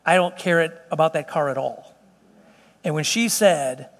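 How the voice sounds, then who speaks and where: A man with a notably high voice preaches a sermon, earnest and emphatic, with homely asides to the folks in the pews. His words ring out with a long reverberant tail, as though spoken in a large church sanctuary. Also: normal speed, vocal fry. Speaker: pastor. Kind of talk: sermon and closing prayer.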